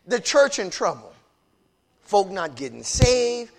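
Emphatic high-voiced preaching man. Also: wildly swooping pitch, slow pace, pauses often. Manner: emphatic, repetitive, builds to shouting. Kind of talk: preaching-style casual talk.

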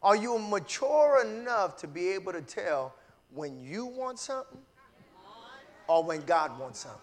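Very high-voiced, animated shouting preacher. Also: male voice, normal speed, a faint crowd. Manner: call-and-response, bursts into shouting; casual conversational preaching with laughter. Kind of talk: sermon.

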